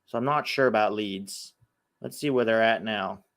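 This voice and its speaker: A man's voice: fairly low pitch, normal speed, a bit bright. An American man hosting a live football watch-along, chatting casually with viewers and exclaiming at every chance. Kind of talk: live casual match commentary and chat.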